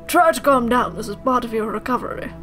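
A woman's voice: fairly high pitch, expressive, brisk, bright, forceful tone, faint music behind. A woman voicing a stern, patronizing male doctor in a horror game.

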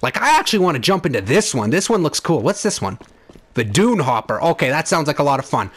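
Excitable, shouting let's-play host. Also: male voice, fairly high pitch, fast talker. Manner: excitable, shouting, swearing at enemies. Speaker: gaming channel host. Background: game music.

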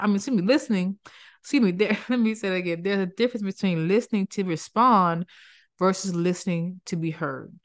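A woman giving an informal Bible teaching in an emphatic, colloquial way, repeating her points and slipping into playful voices. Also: medium pitch. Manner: lively, jumps into playful voices for quotes. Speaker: Christian speaker and counselor.

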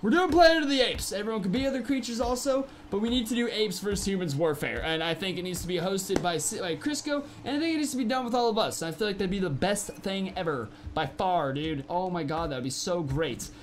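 A young man with a high voice commentates his game from a home setup on a studio microphone. He talks in a goofy, rambling way that jumps into excited yelps, over a faint hiss of background noise. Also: a little fast, hardly any pauses. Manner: excitable, goofy, rambling, breaks into loud outbursts. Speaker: gaming YouTuber.

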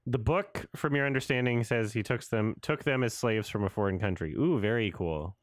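A man's voice: on the low side, normal speed, no room sound, clean studio sound. A man in his thirties doing casual, sarcastic reaction commentary on a trailer, laughing and swearing as he goes.

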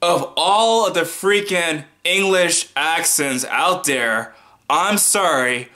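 A self-styled loudmouth American man rants through his opinion commentary. His voice is bright and a touch high, and he takes his time over each line. He mocks freely and laughs between points. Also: slow, soft background music. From United States. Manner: loud, mocking, breaks into laughs. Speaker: political commentary vlogger.

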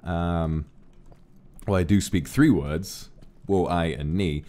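A man chatting casually on a livestream, relaxed and a little drowsy, telling stories and thanking viewers. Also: sits low, slow pace. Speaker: streamer. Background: faint music.

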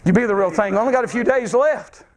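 A man's voice: extremely high pitch, fast. A man preaching a revival sermon in a church, fervent and repetitive, calling out to the congregation. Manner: fervent, calls out to the congregation, repeats phrases. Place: church sanctuary.

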